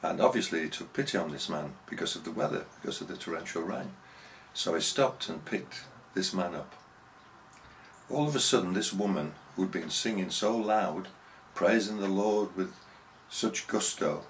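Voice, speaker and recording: A man's voice: low voice, animated, moderate pace, slight background noise, low-quality recording. A man preaching a sermon, telling a story and asking earnest rhetorical questions.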